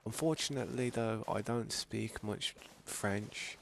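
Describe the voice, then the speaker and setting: A man's voice: lowish voice, measured pace, creaky, slight background noise. A man from England with a Birmingham accent, chatting casually to viewers while streaming a game, rambling and reading chat aloud. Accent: Birmingham English. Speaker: gaming streamer.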